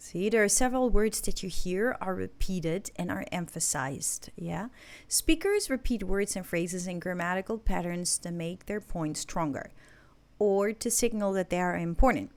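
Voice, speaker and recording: A woman English teacher giving a recorded listening lesson, explaining points slowly and checking in with her students. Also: fairly low pitch, animated, a little mellow.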